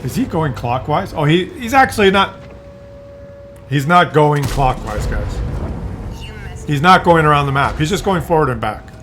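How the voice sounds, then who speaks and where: Man, game commentator, casual, digressive, joking, higher voice, faint ambient noise behind. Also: expressive, unhurried, long pauses, a bit bright. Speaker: gaming commentator.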